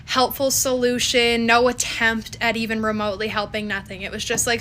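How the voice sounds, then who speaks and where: Young woman vlogger, bright, slightly high voice, chatty and exasperated. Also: steady tone, brisk, few pauses, a little hiss or hum. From Canada. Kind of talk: casual talking-to-camera commentary.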